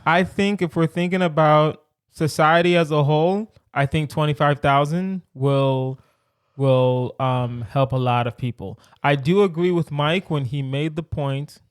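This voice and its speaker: A man's voice: fairly high pitch, measured pace, smooth, no room sound. Man, podcast host, playful, teasing, dry close sound. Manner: playful, teasing, laughs easily. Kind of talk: casual podcast chat.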